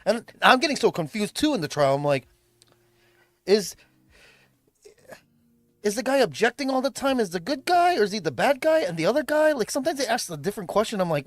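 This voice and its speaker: A man's voice: sits high, dry recording. Rambling man streaming. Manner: rambling, many fillers and restarts. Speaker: livestreamer. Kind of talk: casual livestream chat. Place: home room, tidying up. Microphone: streaming mic.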